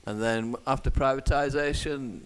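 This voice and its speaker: A man's voice: mid-range voice, moderate pace, clear, resonant tone. A man in his fifties from Northern England with a Lancashire accent, talking bluntly as a guest in a casual chat. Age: 50s. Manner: blunt, swears freely, laughs easily. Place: bar or house in a warm country. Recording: background noise.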